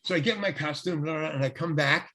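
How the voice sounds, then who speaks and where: An older man, a guest actor, telling a lively anecdote in an interview, acting out the quotes and laughing often. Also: a little high, fast talker. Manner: animated storyteller, acts out quotes, laughs often. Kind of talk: storytelling in an interview.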